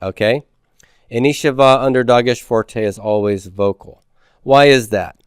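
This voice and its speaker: A man's voice: mid-range voice, a little slow, smooth, no room sound, clean studio sound. A man giving a patient grammar lecture who repeats key points and keeps checking that his students follow. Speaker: Hebrew grammar teacher. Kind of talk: classroom lecture.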